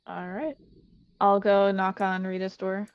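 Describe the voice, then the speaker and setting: A woman's voice: medium pitch, level tone, unhurried, clear, resonant tone. A woman playing a tabletop game, speaking briefly and matter-of-factly. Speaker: player. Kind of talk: casual tabletop game chat. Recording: dry dull lo-fi mic.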